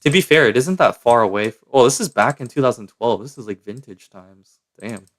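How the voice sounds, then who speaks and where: A man's voice: mid-range voice, expressive, brisk, a bit bright. A young man from Canada, chatting casually and slangily to his live-stream chat.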